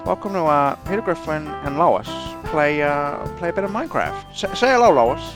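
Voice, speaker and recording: A man's voice: a little high, expressive, normal speed, over music, voice pushed up. A man putting on a goofy, bumbling cartoon dad as a stammering joke impression. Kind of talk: joking impression in a gameplay video.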